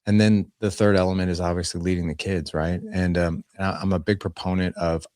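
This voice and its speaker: A man's voice: low-pitched, little pitch movement, brisk, darkish tone, no room sound, clean studio sound. A man in his forties, a guest on a podcast, talking earnestly and plainly about family life and acting out bits of dialogue as he tells stories. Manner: earnest, plain-spoken, acts out dialogue in anecdotes. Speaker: podcast guest, fatherhood coach. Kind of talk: casual interview storytelling.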